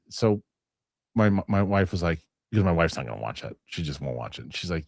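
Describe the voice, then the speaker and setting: Low-voiced middle-aged man, rambling host. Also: animated, fast, a little mellow, no room sound, clean studio sound. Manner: rambling, restarts and acts out others' lines. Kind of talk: casual chat.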